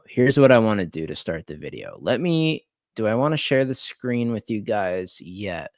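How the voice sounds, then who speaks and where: A man's voice: fairly low pitch, very animated, measured pace, no room sound, clean studio sound. A young man ranting on a late-night live stream about sports betting, swearing and repeating himself as he vents. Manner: agitated, swearing, repeats words.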